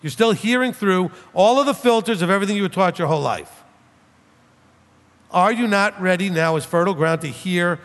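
In a voice that sits high and runs a little fast, a rabbi gives a sermon standing up without notes, his words echoing in long hall reverb. He fires off emphatic rhetorical questions and mockingly imitates his critics.

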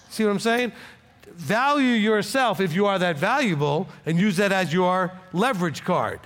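A man's voice: high-pitched, expressive, moderate pace, fairly bright tone, in a large hall. A man serving as pastor, coaching a congregant in an emphatic, encouraging way at a church Q&A.

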